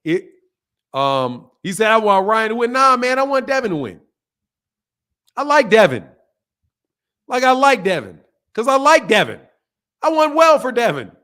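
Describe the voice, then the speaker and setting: A man's voice: extremely high pitch, sing-song, normal speed, pauses often, pushed and bright. A man hosting a boxing channel, talking bluntly and profanely and repeating himself as he rants at his viewers in heated casual commentary.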